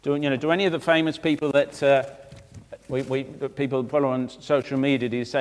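A man preaching through a Bible passage, conversational and animated, acting out the verses with asides to his listeners. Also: mid-range voice, quick pace. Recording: long reverb of a large hall.

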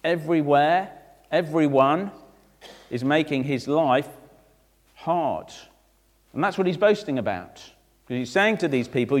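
A man's voice: a little high, a little slow, pauses often. Guy preaching, swoops all over the place, chatty asides, big echoey church hall. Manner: animated, acts out the verses in a lifted voice, conversational asides. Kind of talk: sermon reading through a Bible passage. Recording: long reverb of a large hall.

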